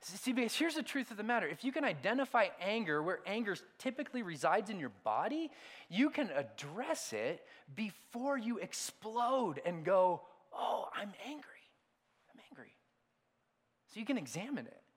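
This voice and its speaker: A middle-aged man delivers a sermon in a fairly high, lively voice. He tells stories with sudden loud outbursts and then drops to hushed, quiet lines. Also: normal speed. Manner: animated storytelling, swings from loud outbursts to hushed asides. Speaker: pastor.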